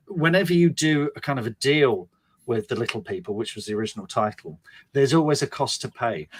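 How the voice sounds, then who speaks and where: A man on a livestream podcast, telling a story in a rambling, animated way with many restarts. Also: medium pitch. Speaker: podcast host and writer.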